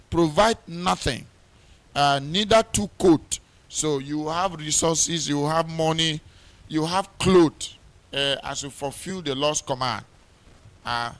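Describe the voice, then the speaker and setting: A man's voice: a little high, fairly bright tone. A middle-aged man preaching at a pre-wedding church service, reading scripture aloud with rising emphasis, repeating words and using many fillers. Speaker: pastor. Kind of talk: wedding sermon.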